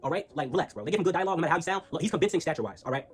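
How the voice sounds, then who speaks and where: A man giving a casual opinion rant as a wrestling vlogger, slangy and full of restarts, building into loud heated stretches. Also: a little high, lively intonation, soft background music. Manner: fast, slangy, repeats words and restarts, gets loud and heated.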